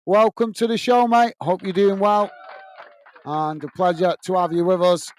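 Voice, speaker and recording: A man's voice: high-pitched, fairly even intonation, normal speed, slight background noise. A man from England hosting a live football watch-along, calling the play and chatting as he reads out viewers' comments, openly backing his own team. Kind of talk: live fan commentary and chat reading.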